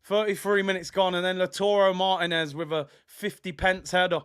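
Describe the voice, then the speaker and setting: A young man hosting a live football watch-along, talking in casual slang and shouting excitedly at chances. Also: high voice, fairly quick, clear, resonant tone.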